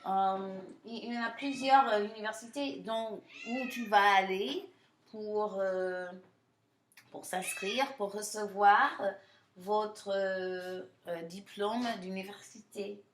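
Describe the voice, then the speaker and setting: A woman's voice: medium pitch, fairly even intonation, slow pace, reverberant, slight background noise. A woman teaching a language lesson to a class, explaining step by step with frequent fillers and checks like "right?". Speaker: French teacher.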